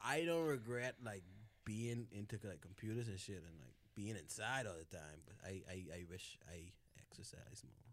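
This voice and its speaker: A young man co-hosting a podcast talks in a loose, wandering way, full of filler words and curses. His voice sits on the low side with lively intonation, and he speaks at a normal speed.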